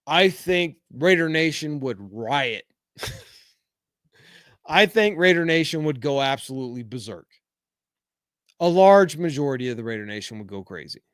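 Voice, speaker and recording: A man's voice: a little high, lively intonation, unhurried, pauses often, smooth, no echo, clean studio sound. Frank middle-aged man hosting a podcast. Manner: reads viewer comments aloud, frank, rambling with fillers. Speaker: podcast host. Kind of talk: casual live-chat podcast.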